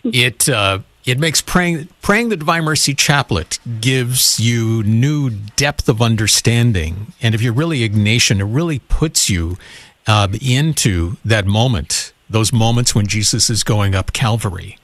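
A man's voice: mid-range voice, expressive, measured pace, fairly bright tone, no echo. A man hosting a call-in radio show in an earnest, upbeat way, greeting callers and asking about their stories. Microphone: studio microphone.

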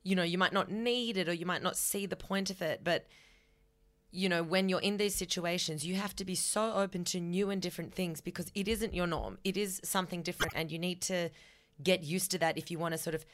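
A woman's voice: lowish voice, fairly even intonation, brisk, a bit bright. A young Australian woman hosting a podcast, giving candid advice and telling a story in a chatty style, swearing freely. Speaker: podcast host.

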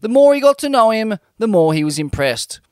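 High-voiced male narrator. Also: big pitch swings, darkish tone, clean tone, no echo, clean studio sound. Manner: measured storytelling delivery. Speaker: podcast narrator. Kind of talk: scripted narration.

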